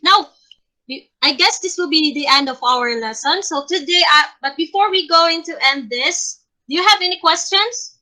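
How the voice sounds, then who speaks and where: Bright high-voiced Filipino English woman teaching. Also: rough recording. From Philippines. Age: young adult. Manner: deliberate, checks in often with okay. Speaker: teacher in a class role-play. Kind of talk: classroom teaching.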